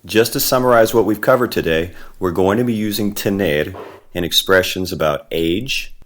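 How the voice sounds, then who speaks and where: A man narrating a beginner language lesson, explaining patiently step by step and slowing down on the foreign words. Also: sits low. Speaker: Spanish teacher.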